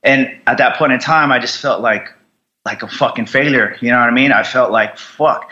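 A man's voice: medium pitch, a little fast, sharp tone, lo-fi sound. An American man, a combat veteran guest on a podcast, telling his story in a raw, profane way, with many restarts and fillers. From United States. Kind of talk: candid storytelling interview.

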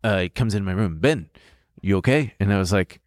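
Rambling man telling a story, low voice. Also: fairly quick, no echo, clean studio sound. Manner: rambling, swears, laughs through his story. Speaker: podcast co-host. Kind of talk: casual storytelling chat.

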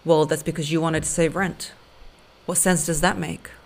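A woman's voice: deep voice, steady tone, normal speed. A woman hosting a podcast, giving blunt, emphatic relationship advice straight to her listeners. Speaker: podcast host and dating coach.

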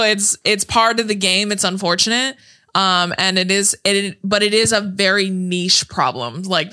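A young woman co-hosting a casual chat, animated, laughing often and swearing freely. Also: medium pitch. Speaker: podcast co-host.

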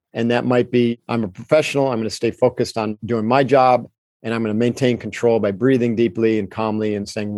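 Measured man coaching calmly, dry sound. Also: mid-range voice, no room sound. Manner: measured, coaching tone, acts out quoted lines. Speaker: podcast host answering listener questions. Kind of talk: calm explanatory advice talk.

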